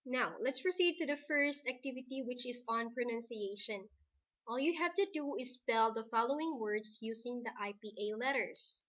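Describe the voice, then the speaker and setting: A woman teacher with a Filipino English accent, dictating a recorded lesson slowly and deliberately. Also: a little high, animated, fairly bright tone.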